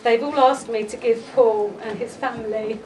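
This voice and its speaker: A woman's voice: fairly high pitch, steady tone, normal speed, crowd noise. A woman, giving a heartfelt memorial eulogy for a close friend. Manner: fond, heartfelt, chuckling between lines. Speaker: eulogy speaker, friend of the family. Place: memorial gathering room. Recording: distant mic with background noise at a memorial gathering.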